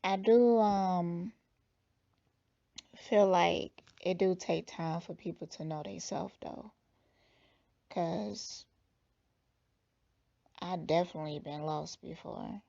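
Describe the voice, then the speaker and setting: Woman, slow casual commentary, gravelly low voice, dark muffled lo-fi sound. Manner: slow, thoughtful, blunt judgements. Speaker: spiritual reader reacting to a clip.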